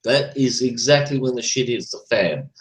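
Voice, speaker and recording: In a medium-pitched, expressive voice at normal speed, a livestream host rants in a rambling, profane, repetitive way. The recording has a roomy echo.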